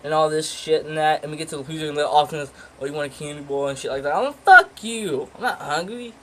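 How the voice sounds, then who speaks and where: A man's voice: a little high, monotone, rapid-fire, slight background noise, rough recording. A teenage guy casually telling a story in a rambling, profane way, full of fillers and restarts. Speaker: vlogger.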